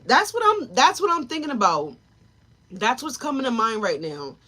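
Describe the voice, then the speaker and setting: Emotional woman tarot reader, higher voice. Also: very animated, moderate pace, sharp tone. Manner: emotional, talks to viewers and chat, tearful at moments. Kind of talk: live tarot reading.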